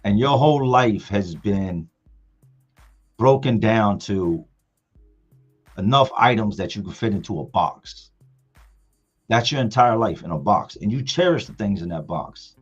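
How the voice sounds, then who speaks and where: Over soft background music and dull audio, a man hosting a livestream spins casual, slang-filled stories. His fairly low, slightly rough voice is unhurried with long pauses, and he animatedly performs other people's lines.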